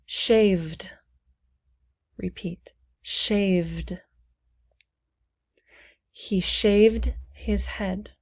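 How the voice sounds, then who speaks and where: A woman teaching English pronunciation, saying single words slowly and clearly for learners to repeat. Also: medium pitch, fairly even intonation, darkish tone. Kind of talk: slow, deliberate pronunciation lesson.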